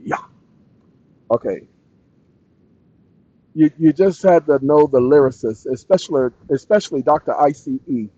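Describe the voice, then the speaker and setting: A man's voice: a little high, animated, warm tone, no echo. A man talks loosely to his screen, joking and trailing off. The recording is dry, close and a little dull, with no room sound behind him. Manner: slow, deliberate reading with dictated punctuation. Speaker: channel host. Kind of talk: casual solo talk, reading aloud from a screen.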